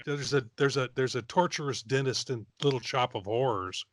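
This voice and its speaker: A man co-hosting a podcast who reacts with short murmurs in casual chat and reads news items with halting restarts. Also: mid-range voice. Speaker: podcast co-host.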